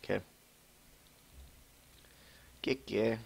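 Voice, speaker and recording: Low gravelly guy streaming a game at home, laughs a lot, slow drawl, swings up and down a lot. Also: big pitch swings, fairly bright tone. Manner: joking, laughs often, mutters at the game. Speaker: gamer streaming a match. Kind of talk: casual live game commentary. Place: home room with keyboard typing.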